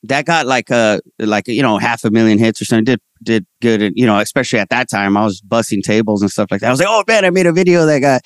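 A man talking as a comedian guest in a casual interview, telling stories in slangy, animated speech and voicing the people he quotes. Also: fairly low pitch, fast talker, few pauses, no echo, studio quality.

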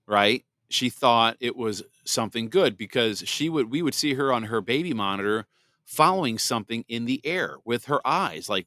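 A man's voice: medium pitch, animated, normal speed, sharp tone, no room sound, clean studio sound. A man in his thirties hosting a podcast, telling a personal faith testimony in a candid, rambling way with many restarts. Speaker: podcast host.

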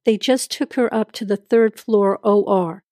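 A woman's voice: mid-range voice, fairly even intonation, measured pace, darkish tone, dry recording, close to an everyday voice. A cool hospital receptionist answers by the book in an audio drama, detached and procedural, as a woman reads her. The sound is dry and close to the mic.

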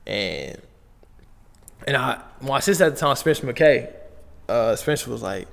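A young man from Canada talks through his basketball past in a loose, slang-filled way. His voice has a gravelly edge, and the room leaves a long reverb tail behind each phrase. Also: mid-range voice, lively intonation, measured pace. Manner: laid-back slang-heavy storytelling. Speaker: guest, basketball player. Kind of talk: casual podcast storytelling.

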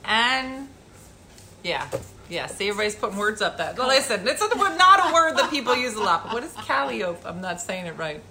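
A woman's voice: mid-range voice, brisk, a little hiss or hum. A middle-aged woman hosting a live stream, telling comic family stories and acting out her relatives' voices. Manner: animated, acts out family members' voices. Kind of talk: comic family storytelling to viewers.

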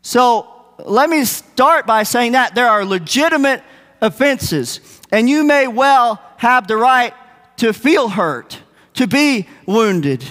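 A man's voice: very high voice, fairly bright tone. A man preaching a sermon, earnest and emphatic, repeating his key points. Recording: long reverb of a hall.

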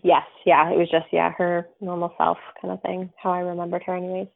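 A woman's voice: lowish voice, little pitch movement, fairly quick, gravelly, no echo. A woman guest on a podcast, telling her story in a rambling, casual way full of fillers and restarts. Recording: tinny phone-like line.

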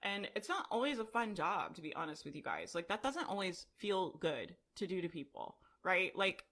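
A woman's voice: lowish voice, expressive, normal speed, a bit bright. A woman podcast host and business coach talking candidly in a casual live video, with many "like"s and "right?"s. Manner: candid, conversational, frequent "like" and "right?".

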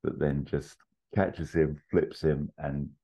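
A man co-hosting a podcast, casually pitching a movie plot in a rambling way with many fillers. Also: little pitch movement, takes it slowly, dark tone. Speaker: podcast co-host.

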